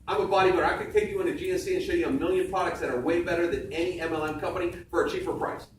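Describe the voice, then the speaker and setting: A seminar speaker gives a motivational sales pitch to a crowd in a large room, punchy and emphatic, hammering key phrases through repetition. His voice sits high with fairly even intonation at a racing pace, captured far from the mic in an echoey space with faint background noise.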